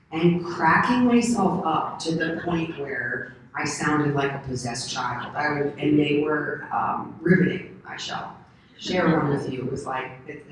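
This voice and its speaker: A woman in her thirties from the United States, a convention panel guest answering questions in a rambling, animated way and laughing often. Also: deep voice. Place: large convention hall. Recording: echoey hall from far off, faint noise.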